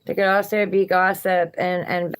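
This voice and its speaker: A woman's voice: lowish voice, level tone, moderate pace, smooth. A woman with a Southern accent, reading tarot cards on a live stream and chatting encouragingly with viewers. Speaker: tarot reader.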